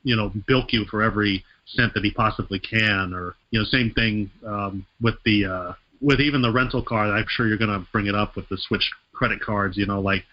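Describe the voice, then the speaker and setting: A man in casual podcast chat who laughs often and mimics voices to make a point. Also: on the low side. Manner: laughs often, does mocking voice impressions. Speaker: podcast co-host. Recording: dull lo-fi podcast audio.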